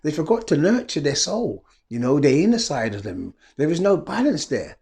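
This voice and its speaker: A man's voice: on the high side, very animated, normal speed, vocal fry, a little mellow. A middle-aged man, a wellness coach, giving an earnest reflective motivational talk full of repeated rhetorical questions.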